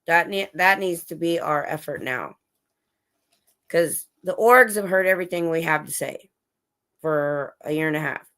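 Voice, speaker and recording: A woman with a somewhat low voice hosts a casual late-night livestream from her home. She talks loosely and chattily, restarting her sentences as she goes. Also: measured pace, fairly bright tone. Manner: chatty, talks to her dogs between topics, many restarts. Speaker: livestream host. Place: home, dogs in the room. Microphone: livestream setup.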